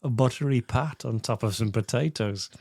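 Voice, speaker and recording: Man, podcast co-host, chuckling, mid-pitched voice, dry close mic. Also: moderate pace, gravelly, a little mellow, dry recording. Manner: laughs often, acts out film lines in silly voices. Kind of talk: casual comedic film chat.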